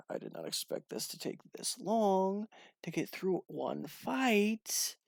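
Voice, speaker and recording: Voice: mid-range voice, expressive, takes it slowly, creaky, dry recording, clean studio sound. A let's play host commentating on a video game, exasperated and laughing in frustration at a fight that will not go their way.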